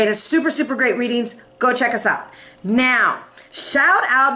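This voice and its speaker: A woman giving a casual, playful tarot reading to her viewers, chatting and giving shout-outs. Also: fairly high pitch. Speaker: tarot reader.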